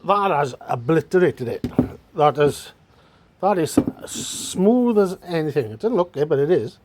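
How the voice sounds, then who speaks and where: A man's voice: a little high, animated, slow, long pauses, a little mellow, slight background noise. Rambling man in workshop. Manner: rambling, self-mocking, chatty with fillers. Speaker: motorcycle restorer. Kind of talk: casual workshop vlog.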